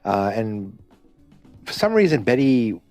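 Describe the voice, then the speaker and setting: A man's voice: fairly low pitch, sing-song, darkish tone, soft background music. A man hosting a podcast, recapping a TV episode in a casual, rambling way with many fillers and restarts, briefly acting out characters' lines. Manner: acts out characters' lines in quick asides. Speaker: podcast host.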